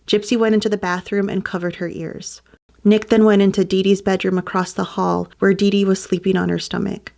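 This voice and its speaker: A woman's voice: mid-range voice, vocal fry, darkish tone. A woman narrating a true crime story in a casual, conversational way, with wry asides.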